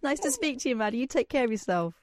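A woman's voice: fairly high pitch, expressive, fast, darkish tone, no echo, clean studio sound. Chatty woman hosting late-night radio. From Manchester, England. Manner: chatty, teasing, laughs easily. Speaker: radio phone-in host. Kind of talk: late-night phone-in chat.

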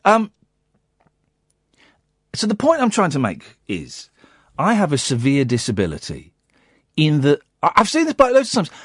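Animated man hosting radio talk. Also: fairly high pitch, moderate pace, long pauses, breathy edge, no echo, clean studio sound. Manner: animated, rambling, self-mocking. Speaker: radio phone-in host. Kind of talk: casual radio chat and storytelling. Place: radio studio.

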